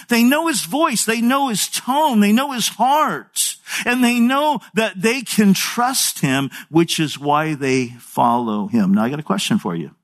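High-voiced man preaching a sermon. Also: fairly bright tone. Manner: conversational storytelling with folksy asides. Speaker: pastor.

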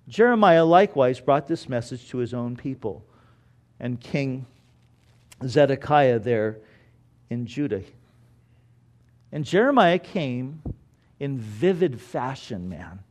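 A man preaching a sermon, telling the story in an animated way that rises loud for emphasis and drops low and quiet. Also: moderate pace.

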